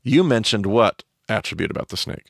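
A man's voice: on the low side, animated, a little fast, vocal fry, dry recording, studio quality. A man teaching on a podcast, explaining a story and quizzing his cohost with questions.

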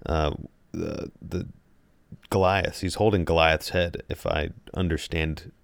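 A male podcast co-host with a very low, smooth voice rambles through a casual, jokey chat. He restarts his thoughts and leans on fillers. The sound is close and dry. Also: fairly even intonation, takes it slowly, dry recording.

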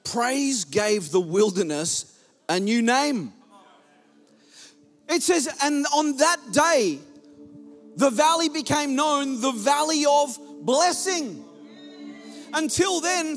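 Animated, high-voiced man preaching a sermon. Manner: animated preaching that leads the congregation. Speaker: pastor. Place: church hall with a congregation.

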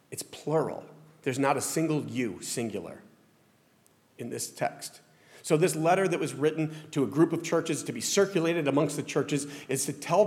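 This male pastor has a fairly high-pitched, slightly mellow voice and a Southern American accent. He gives a conversational, self-deprecating sermon in a church sanctuary, often restarting his sentences, with long hall reverb around him.

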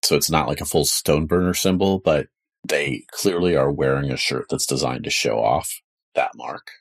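A man narrating as game master of a tabletop game podcast, describing scenes in a relaxed, wry way. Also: a bass voice, moderate pace.

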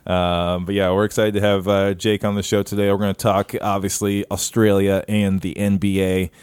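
A man's voice: sits low, level tone, moderate pace, darkish tone, smooth, no echo. A man co-hosting a casual podcast, rambling with lots of fillers and restarts, recorded over an internet call. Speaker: podcast co-host. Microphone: remote call over internet.

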